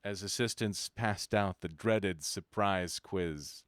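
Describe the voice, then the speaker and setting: Male reader, low-ish voice, steady measured book reading, dry close sound. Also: dry recording. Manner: measured, even reading with occasional self-corrections. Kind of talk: reading a biography aloud.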